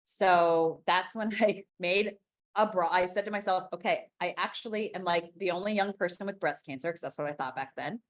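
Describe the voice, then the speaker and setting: Speaking at a normal speed with a fairly low pitch, this founder in her forties gives a candid, conversational interview. She's blunt and emphatic, frequently starting her sentences over.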